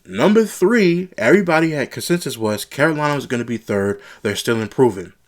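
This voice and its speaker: A man's voice: medium pitch, expressive, quick pace. A young man giving a solo sports reaction, blunt and exasperated as he rants about a game. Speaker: sports commentator.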